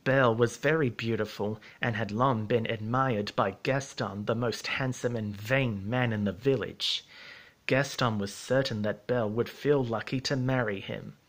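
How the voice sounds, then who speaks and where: A man narrating a storybook in a measured, steady reading voice. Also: medium pitch.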